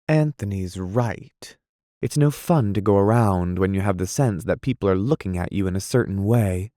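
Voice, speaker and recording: A man's voice: sits low, no room sound, studio quality, lightly acted. A man voicing a cool, weary young wife. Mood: wistful. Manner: quiet, cool and measured.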